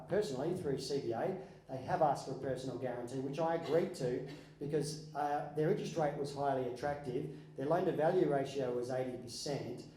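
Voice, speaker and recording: A man, a financial adviser giving a seminar presentation and talking conversationally with the audience, with wry asides and quick questions to the room. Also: medium pitch, mellow, echoey room, poor audio. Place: conference hall.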